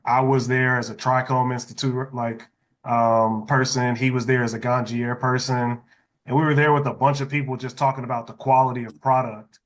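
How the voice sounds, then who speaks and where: A man hosts a casual conversation and explains things in a relaxed, steady way. His voice sits at a middle pitch. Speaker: host. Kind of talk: casual chat.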